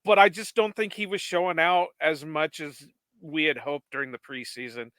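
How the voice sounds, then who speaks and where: Man, podcast co-host, casual chat, bright voice, dry sound. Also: fairly high pitch, steady tone, normal speed, no room sound. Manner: chatty storyteller, laughs often.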